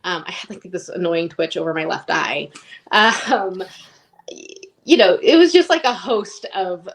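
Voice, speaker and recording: A woman's voice: lowish voice, lively intonation, unhurried. A woman in her thirties telling her personal story as an interview guest, rambling and emotionally open with lots of "like".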